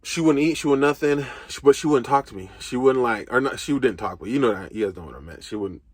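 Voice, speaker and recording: A young man telling a painful family story in a casual, halting way, full of fillers and restarts. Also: mid-range voice, dry recording. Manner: casual, halting, filler-heavy, choked with emotion. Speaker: vlog co-host. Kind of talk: emotional storytelling.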